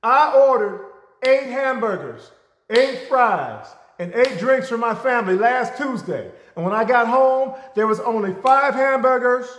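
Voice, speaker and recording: A man voicing an indignant adult man who insists, slowly and with emphasis, on his missing order. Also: very high voice, a bit bright, pitched above the performer's own voice, heavily acted. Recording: roomy echo.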